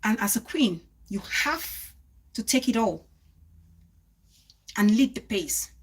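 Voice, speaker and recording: A woman with a fairly high, breathy voice hosts a live stream, speaking slowly but animatedly. She talks earnestly to her viewers and repeats phrases for emphasis.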